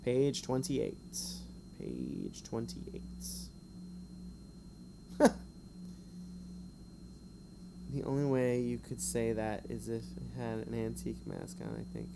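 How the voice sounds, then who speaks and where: A man's voice: medium pitch, lively intonation, creaky, noisy background. A man streaming, reading a gamebook aloud in a casual way, with rambling, self-mocking asides between passages. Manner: chatty, rambling asides, quick to laugh at himself.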